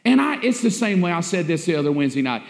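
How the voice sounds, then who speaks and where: A man's voice: high voice, big pitch swings, quick pace. A man preaching a sermon as pastor, emphatic and repetitive, with rhetorical questions to the congregation. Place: church sanctuary. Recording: echoey church hall.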